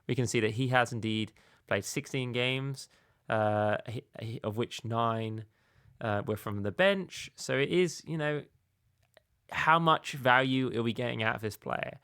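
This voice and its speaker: A man's voice: mid-range voice, measured pace, fairly bright tone, smooth, dry recording, clean studio sound. A man hosting a casual video game tutorial, talking in a rambling, conversational way with frequent filler phrases.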